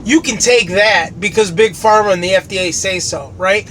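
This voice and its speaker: A man's voice: high-pitched, moderate pace, a bit bright, rough recording. A man in his late thirties from the United States, ranting and swearing as he drives. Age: late 30s. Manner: angry, swearing rant. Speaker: vlogger. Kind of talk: ranting vlog while driving. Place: inside a moving car. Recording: road and engine noise from a car.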